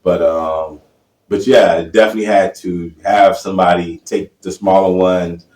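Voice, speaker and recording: Deep-voiced man chatting casually in an echoey room. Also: fairly even intonation, measured pace, darkish tone. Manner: rambling, many fillers and restarts. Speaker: podcast co-host, contractor. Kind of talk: casual podcast chat.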